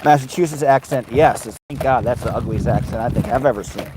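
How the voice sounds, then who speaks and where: A man chats on a loose, rambling livestream while out by a river, with a faint hum of noise behind him. His voice sits at a middling pitch for a man. He drifts between topics and now and then breaks into sing-song chatter aimed at his dog. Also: fast. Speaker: livestream host. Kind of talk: casual rambling live chat. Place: outdoors by a river.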